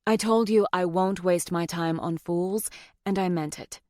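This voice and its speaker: Brisk lady lawyer a woman reading her lines, crisp, clipped, guarded, dry close audio. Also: lowish voice, steady tone, darkish tone, no echo, lightly acted. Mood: cold.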